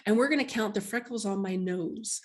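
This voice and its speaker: A woman voicing the spirit of a sweet little boy of three or four, gentle and eager, quoted in a personal story. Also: medium pitch, brisk, natural voice.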